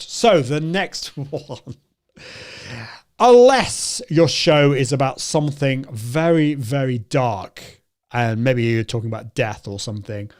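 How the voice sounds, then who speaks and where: A man hosting a live video show, talking chattily to his viewers, often correcting himself and laughing. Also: on the high side. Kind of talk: live-stream talk to viewers.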